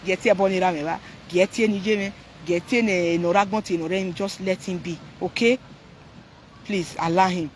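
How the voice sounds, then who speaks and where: A man's voice: high-pitched, fairly even intonation, moderate pace, slight background noise. A man with a Nigerian accent talking to viewers on a live stream, ranting animatedly and mixing Pidgin, Yoruba and English.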